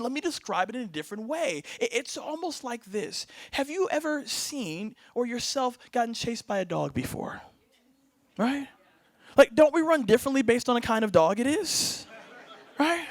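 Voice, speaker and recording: A young man giving a motivational keynote to a live audience, energetic and playful, laughing often and keeping the crowd involved with "right?". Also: very high voice, dry recording. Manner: laughs often, acts out bits. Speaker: keynote speaker. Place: event stage before a live audience.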